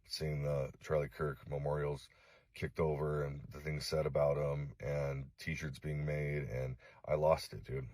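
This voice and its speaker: A middle-aged man from Los Angeles making a direct-to-camera apology video, halting and remorseful, swearing often. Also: rumbling low, flat delivery, darkish tone, no echo. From Los Angeles, USA. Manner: halting, remorseful, heavy swearing, frequent fillers. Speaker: vlogger.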